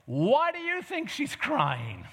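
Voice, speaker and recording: A man delivers a sermon like he's telling a story to friends, asking question after question. His voice sits high and swings widely in pitch. A long reverb trails behind him as if he's in a big hall. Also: takes it slowly. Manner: conversational, animated storytelling with rhetorical questions. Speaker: preacher.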